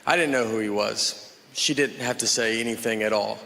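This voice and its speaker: A man performing a stand-up comedy set, telling stories in a laid-back deadpan way before a live audience. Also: fairly low pitch, normal speed, vocal fry.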